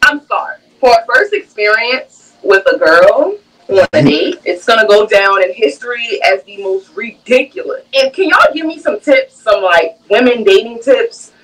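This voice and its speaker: A woman's voice: fairly high pitch, moderate pace, far from the mic, rough recording. A young woman casually telling a dramatic story to the camera, acting out everyone in it. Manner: animated, dramatic, acts out every character.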